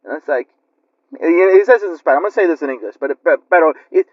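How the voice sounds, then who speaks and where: A man's voice: a little high, fast talker, no room sound. A man telling a spooky story in a rambling, chatty way with lots of fillers. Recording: lo-fi muffled recording.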